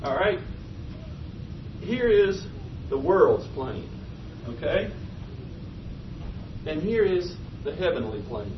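A man preaching a folksy, animated sermon, chuckling as he tells stories. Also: slow, pauses often. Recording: muffled, low-fi with faint noise.

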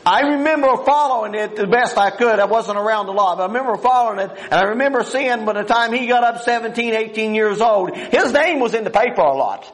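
Older male preacher, high-pitched, folksy and rambling, heard from a distant mic at times. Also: animated, fast, hardly any pauses. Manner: folksy, rambling, with restarts and plain country grammar. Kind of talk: sermon.

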